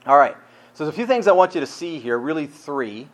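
A male pastor giving a conversational sermon, often repeating words and asking rhetorical questions, his volume dropping from full to quiet. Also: fairly high pitch, very animated, a little fast, poor audio.

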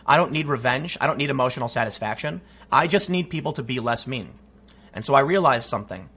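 A man in his thirties hosting his own channel, talking through commentary and telling a story with animated delivery. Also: medium pitch, fast, breathy edge. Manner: animated storytelling, acts out quoted voices. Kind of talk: monologue commentary.

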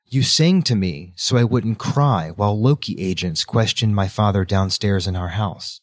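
A man's voice: lowish voice, moderate pace, no room sound, clean studio sound, natural voice. A man voicing an earnest, devoted young woman soldier in a plain voice while retelling a book scene.

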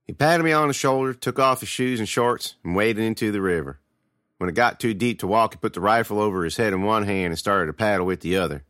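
A man's voice: on the low side, fast talker, a bit bright, dry recording, studio quality. A man giving a dramatic first-person reading of a scripted horror tale. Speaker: storyteller.

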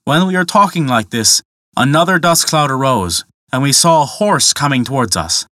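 Man, storyteller, steady measured narration, bright forceful voice, dry close recording. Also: mid-range voice, no echo. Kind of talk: scripted narration of a folktale.

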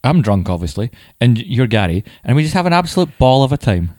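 Playful podcast co-host, lively pitch. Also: male voice, fast, dry recording, clean studio sound. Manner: playful, finishes others' sentences. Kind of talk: casual podcast banter.

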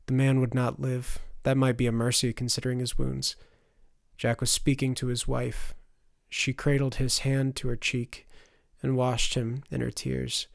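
A man's voice: mid-range voice, monotone, creaky, no room sound, clean studio sound. Man narrating a fantasy audiobook. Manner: measured storytelling, voices the characters.

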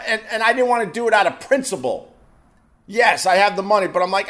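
A man telling a casual anecdote in an exasperated, swearing rant full of quick restarts. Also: high voice, lively intonation, fairly bright tone. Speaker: storyteller.

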